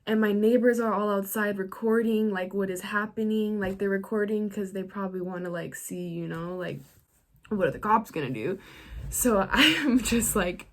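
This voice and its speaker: A woman's voice: mid-range voice, normal speed. A young woman vlogger telling a story to camera in a casual, chatty way, full of slang and "like.". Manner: chatty, filler-heavy slang, frequent "like".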